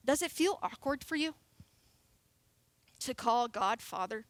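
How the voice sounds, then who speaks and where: A youth pastor in her late twenties preaches in a church sanctuary with a high, light voice and lively intonation. She's casual, playful, and unhurried, laughs often, and takes long pauses. The sound is dry and close, with no room echo.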